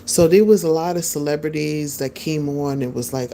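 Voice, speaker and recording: A woman with a low, mellow voice chats casually on a live stream and rambles from one point to the next while answering viewers. She talks into a phone, and a faint hiss sits under her voice. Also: moderate pace. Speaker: podcast host.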